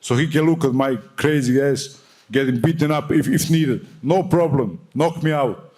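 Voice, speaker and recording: A man's voice: on the high side, moderate pace, darkish tone. A young man answering at a boxing press conference, fiery, defiant and full of swearing.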